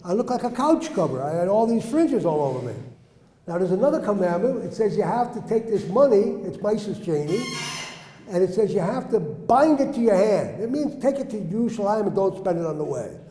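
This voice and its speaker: A man telling his life story to a live audience, asking them questions and acting out the quotes loudly. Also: high-pitched, big pitch swings, fairly quick, a little hiss or hum. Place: hall with an audience. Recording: echoey hall.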